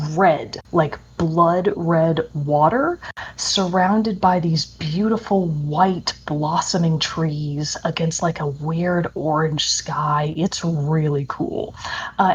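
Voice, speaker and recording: A woman's voice: low voice, a little hiss or hum. A woman co-hosting a podcast, chatting enthusiastically about video games with many fillers. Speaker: podcast co-host. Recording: dull lo-fi audio.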